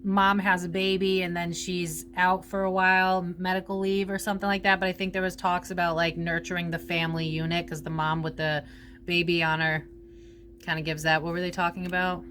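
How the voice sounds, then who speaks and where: A woman's voice: lowish voice, completely flat delivery, a little fast, fairly bright tone, a little hiss or hum. Casual rambling woman doing a psychic reading. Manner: rambling, swears casually, many fillers. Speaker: psychic reader.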